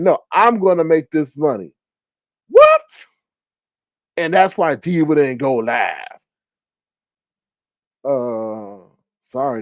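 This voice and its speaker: Animated man with sassy high squeals. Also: no echo. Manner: animated, jumps to high squeals when quoting people; drawling, sassy asides. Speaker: livestream commentator. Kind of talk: casual gossip commentary reading chat.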